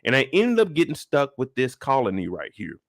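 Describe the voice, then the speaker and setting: A man's voice: medium pitch, huge pitch swings, brisk, no room sound, clean studio sound. A man in his thirties hosting a live stream, chatting loosely in slang and greeting viewers by name. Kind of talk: casual live-stream review chat.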